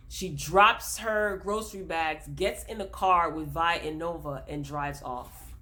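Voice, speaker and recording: A woman's voice: sits low, measured pace, pushed and bright. A woman host talking straight to her viewers in a casual TV episode recap, retelling scenes with plenty of fillers. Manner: addresses viewers directly.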